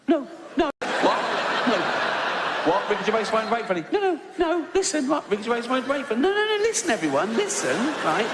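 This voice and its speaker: A middle-aged English man doing an animated stand-up routine, acting out voices and checking in with "right?" asides. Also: on the high side. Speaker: stand-up comedian. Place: large venue with audience. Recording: live stage recording with hall reverb and audience noise.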